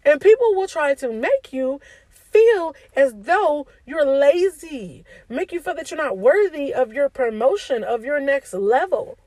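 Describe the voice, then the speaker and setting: A woman's voice: high voice, expressive, unhurried, mellow, no room sound, low-quality recording. A woman giving an informal devotional talk to her online community, often asking "okay?" and speaking in a casual, preachy way. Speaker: faith speaker.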